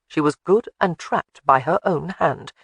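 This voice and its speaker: A man reading an audiobook in a measured, even way. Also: on the high side, gravelly, slightly rough, no room sound. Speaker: audiobook narrator. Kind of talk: scripted narration.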